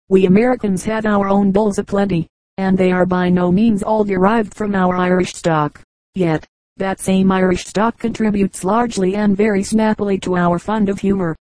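A woman giving a measured, even reading of an audiobook as its narrator. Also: medium pitch, no room sound, poor audio. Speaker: audiobook reader. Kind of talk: scripted narration.

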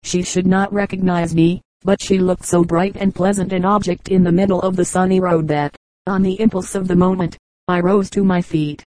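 A woman narrating an audiobook in a steady, measured reading. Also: lowish voice, dry recording, poor audio. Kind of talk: scripted narration.

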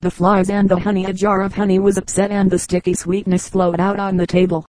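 Mellow-voiced woman reading fables. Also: mid-range voice, level tone, a little fast, dry recording, low-quality recording. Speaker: audiobook narrator. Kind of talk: scripted narration of fables.

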